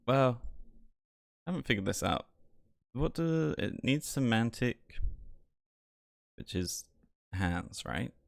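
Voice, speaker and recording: A man plays a tabletop game and thinks aloud in a hesitant, casual way. His voice is very deep and gravelly, with a lively pitch. The recording is dry and close. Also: no echo. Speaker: player.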